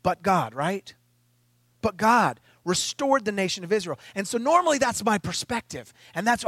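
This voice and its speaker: High-voiced pastor preaching in a dry close-mic sound. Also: male voice, sing-song, moderate pace, a bit bright, dry recording. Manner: emphatic, conversational preaching with rhetorical questions. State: tearful and choked up at times. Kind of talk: sermon.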